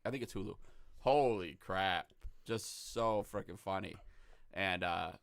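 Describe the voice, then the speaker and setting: A man's voice: sits low, unhurried, vocal fry, dry recording. A man co-hosting a podcast, chatting casually in an easygoing, enthusiastic way. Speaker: podcast co-host. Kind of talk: casual chat.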